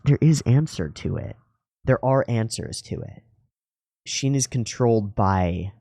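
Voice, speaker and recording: In an animated but unhurried, medium-pitched voice with a dark tone, the host of an anime reaction channel muses aloud in earnest. His reflective commentary has frequent restarts, captured in a dry, studio-quality recording.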